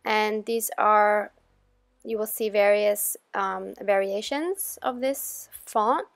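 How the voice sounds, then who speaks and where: A woman hosting a crafting channel, talking viewers through her project in a chatty, relaxed voice-over. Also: mid-range voice, slow pace, creaky, dry recording. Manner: chatty and relaxed, with gentle laughs. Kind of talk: casual tutorial voice-over.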